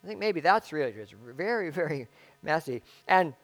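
A man preaching a conversational sermon as pastor, halting and self-deprecating, with frequent restarts. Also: on the high side, animated, fairly bright tone.

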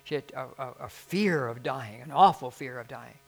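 A man's voice: mid-range voice, moderate pace, creaky, slightly rough. A man preaching as a pastor, telling a story in a conversational, self-deprecating way and acting out the people in it. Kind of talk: sermon storytelling.

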